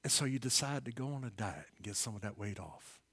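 A male pastor preaching a sermon in a folksy way, asking the congregation questions and swinging from hushed whispers to loud emphasis. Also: lowish voice, expressive, fast, husky.

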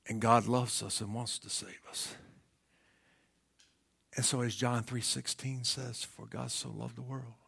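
A middle-aged man preaching a sermon, asking rhetorical questions, swinging from shouted climaxes down to hushed near-whispers. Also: medium pitch, gravelly, breathy edge. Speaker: pastor.

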